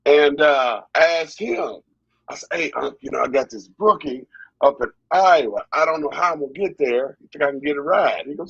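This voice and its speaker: Husky-voiced man telling wrestling stories. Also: on the high side, normal speed, dry recording, highs cut off. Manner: animated, repetitive storyteller. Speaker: wrestling guest. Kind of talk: storytelling interview.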